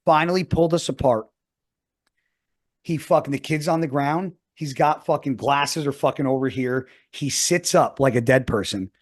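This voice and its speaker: A man's voice: mid-range voice, moderate pace. A man in his forties telling a story in casual podcast chat, swearing constantly as he talks. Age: 40s. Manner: heavily profane, animated storytelling. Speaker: podcast co-host.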